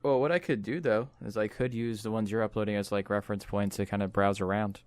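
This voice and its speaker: A man co-hosting a podcast in casual chat, teasing the others with quick comebacks. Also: lowish voice, steady tone, clear, resonant tone, no echo. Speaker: podcast co-host.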